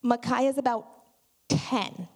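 A middle-aged woman with a slightly high voice gives a relaxed, conversational sermon. She tells stories in an animated way and breaks off into frequent asides. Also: takes it slowly. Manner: chatty, animated storytelling with many asides. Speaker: church speaker.

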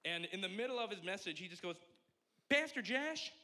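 A young adult pastor delivers a casual, conversational sermon, animated and joking at his own expense. He talks very fast in a high voice.

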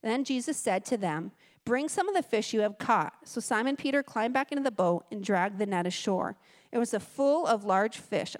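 A woman giving a conversational sermon, reading scripture aloud with chatty, joking asides. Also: a little high. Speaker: guest speaker at a church service. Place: church service.

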